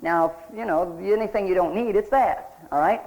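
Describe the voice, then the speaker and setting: In a recorded seminar lecture, a man teaches real estate sales, sharing folksy anecdotes and asking his listeners questions along the way. His voice is high and darkish in tone, at normal speed, and the recording quality is low.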